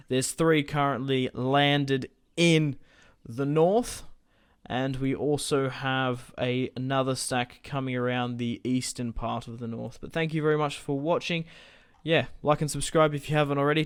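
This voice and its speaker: A man talks through a strategy battle as he plays, casual and unscripted. His voice is smooth and resonant at a mid pitch, and he thinks out loud and curses when the fight turns against him. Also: no room sound. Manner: casual, thinking aloud, swears when frustrated. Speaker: gaming channel host. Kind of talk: live strategy game commentary.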